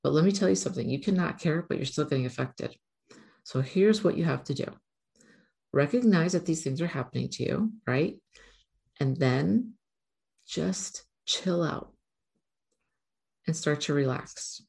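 A woman's voice: low-pitched, unhurried, creaky, long pauses, a little mellow, husky. A middle-aged woman vlogging in a rambling, candid way, swearing casually now and then. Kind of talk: casual spiritual vlog.

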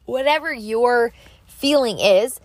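A woman's voice: on the high side, animated, slow pace, no echo. Chatty woman in a dry close-mic recording. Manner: chatty, rambling, self-deprecating, laughs easily. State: slight allergy cough. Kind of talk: casual faith-based advice talk.

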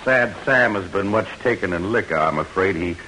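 A sneering pompous villain. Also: male voice, deep voice, lively intonation, normal speed, sharp tone, slight background noise, poor audio. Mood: mock-courtly. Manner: pompous, mock-courtly and sneering. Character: mocking villainous raider leader, man, pompous and cruel. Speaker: radio drama actor. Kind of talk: 1940s radio acting.

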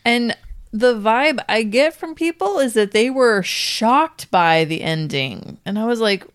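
A woman's voice: on the high side, expressive, measured pace, clean tone. A woman co-hosting a podcast in casual chat, wry and opinionated, poking fun at herself. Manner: wry and opinionated, self-mocking. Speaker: podcast co-host.

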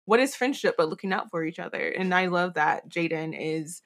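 Woman podcast co-host, lower register, rambling and reflective book chat. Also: moderate pace. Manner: rambling, many fillers and restarts. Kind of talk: casual book discussion.

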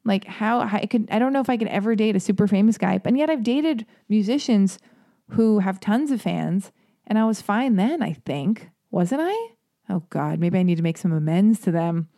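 A woman's voice: mid-range voice, moderate pace, mellow, no room sound, clean studio sound. A young woman in a confessional monologue, chatty and self-mocking, with lots of restarts and asides.

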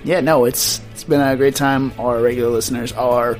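Brief: young male co-host, tipsy, wry, relaxed. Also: mid-range voice, a little fast, soft background music. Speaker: podcast co-host. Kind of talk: casual tipsy chat.

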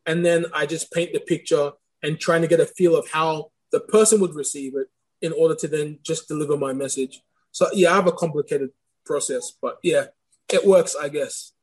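A man speaks with a slight speech impediment, his voice sitting a little high. He talks earnestly and searchingly, restarting his sentences often as he explains his thinking. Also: moderate pace, a little mellow, slightly rough, low-quality recording. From Australia. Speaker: guest, course creator and preacher. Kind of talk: reflective interview talk.

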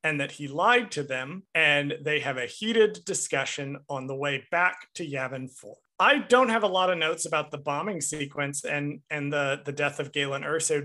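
Man, bright voice, slightly high pitch, animated, enthusiastic, casual podcast movie recap. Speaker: podcast co-host.

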